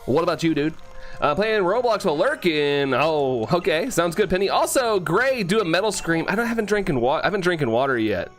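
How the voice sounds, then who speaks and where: A man casually chatting on a live stream, greeting viewers and answering chat, talking fast and sometimes tripping over his words. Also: fairly high pitch, big pitch swings, faint music behind.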